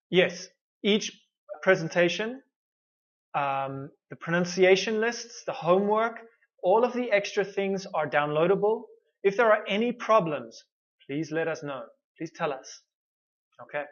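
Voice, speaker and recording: A man with a high voice leads an online pronunciation lesson, encouraging his students and checking in with "okay" after each point. The audio is dull and lo-fi. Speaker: pronunciation teacher. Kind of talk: online course lecture.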